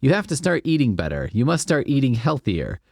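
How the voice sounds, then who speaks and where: A man reading the part of a fussy, motherly woman who gently scolds, in a prim, instructive tone. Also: mid-range voice, wildly swooping pitch, a little fast, gravelly, no echo, clean studio sound, voice pushed up, exaggerated voice.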